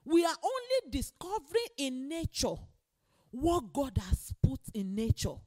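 A woman preaches in a high voice that swings widely in pitch. She is emphatic and repeats her key phrases. She often climbs into loud exclamations. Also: big pitch swings, unhurried. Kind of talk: sermon.

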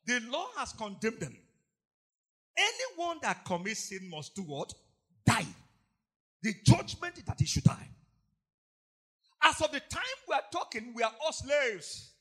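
Male preacher, very high-pitched, lively swings in pitch, shouts and repeats lines. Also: unhurried, long pauses, slightly rough. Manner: impassioned, repetitive, bursts into shouting and snatches of song. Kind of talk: sermon.

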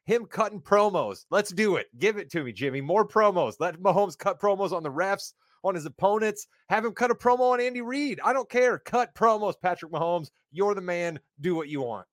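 A man's voice: sits high, animated, a little fast, few pauses, dry recording, clean studio sound. A man co-hosting a sports podcast, ranting emphatically in casual banter. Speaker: podcast co-host.

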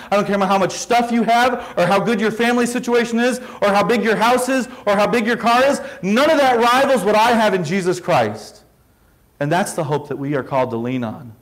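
Male pastor, high-pitched, emphatic sermon delivery full of rhetorical questions. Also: low-quality recording.

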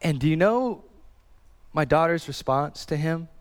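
A man's voice: a little high, animated, unhurried, in a large hall. A man in his thirties preaching a sermon in an earnest, conversational way, repeating phrases for emphasis. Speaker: pastor.

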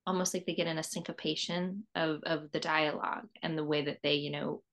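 A woman's voice: low-pitched, fairly even intonation, fairly quick, fairly bright tone. A woman hosting an interview, talking in a rambling, effusive way and repeating words as she thinks. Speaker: podcast host. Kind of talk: interview host, casual conversation.

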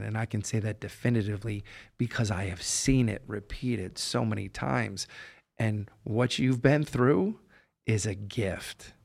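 A man's voice: lowish voice, measured pace, creaky, a little mellow. A man hosting a heart-to-heart interview, telling stories in an earnest, upbeat way. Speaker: podcast host.

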